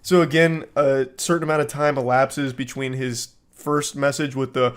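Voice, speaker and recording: A man riffs on a stranger's text messages in dry, sarcastic commentary, swearing freely as he goes. His voice sits at an ordinary middle pitch, and his tone is deadpan and amused. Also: moderate pace, hardly any pauses, clean tone. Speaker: commentary host.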